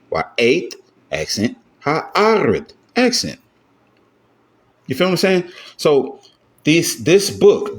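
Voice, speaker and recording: A man giving a casual, step-by-step grammar lesson, often checking in with his listeners. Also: mid-range voice. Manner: talks things through loosely, often asks "you know what I'm saying?". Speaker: self-taught Hebrew grammar teacher.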